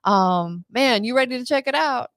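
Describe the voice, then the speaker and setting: A woman's voice: a little high, expressive, normal speed, no echo, clean studio sound. A woman hosting a live podcast in a casual, hyped-up, promotional way. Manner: hype, upbeat, promotional. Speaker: podcast host.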